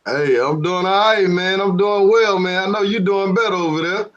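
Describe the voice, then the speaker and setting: A man with a high voice hosts a casual talk. He sounds laid back and keeps nudging his guest to explain things. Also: normal speed, a bit bright, muffled recording. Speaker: host. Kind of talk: casual chat.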